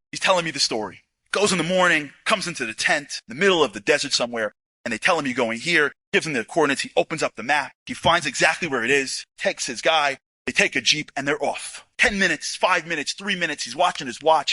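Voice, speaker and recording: A fast-talking man telling an animated story, his voice bright and forceful. He plays out every exchange, dropping into hushed asides and then shouting the excited lines, and his speech is full of "like" and "you know." The sound is dry and close, with hardly any room on it. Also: fairly high pitch, no echo. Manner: acts out dialogue, jumping between hushed asides and excited shouting; conversational, with frequent "like" and "you know". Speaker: inspirational speaker.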